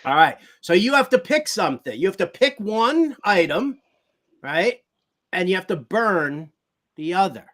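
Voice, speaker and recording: A man hosts a casual sports talk show with a fairly high voice. He teases his guest in a playful, game-show manner. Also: big pitch swings, unhurried, a bit bright. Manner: playful, teasing, game-show style quizzing.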